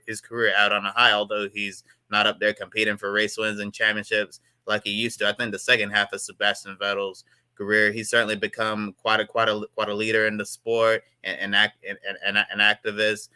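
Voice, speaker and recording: A man with a low, monotone voice that is strikingly bright and crisp. He speaks thoughtfully on a panel, stumbling and repeating words as he searches for the right phrase. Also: fairly quick, no room sound. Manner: reflective, hesitant with repeated words. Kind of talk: casual panel discussion.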